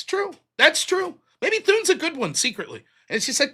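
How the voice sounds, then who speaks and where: A man from the United States hosts a political livestream and rants with sarcastic, profane heat. His voice sits high and bright, and his pitch leaps about as he swings from mock calm to shouting. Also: brisk, few pauses. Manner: sarcastic, profane, heated ranting. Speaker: political talk show host.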